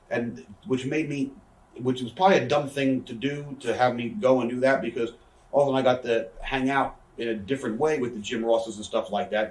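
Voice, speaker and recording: A man in his thirties telling a backstage story in a casual interview, rambling, animated and swearing. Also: mid-range voice, roomy sound, recorded from a distance, rough recording. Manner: rambling, animated, swears, acts out quoted voices. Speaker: interview guest, wrestler.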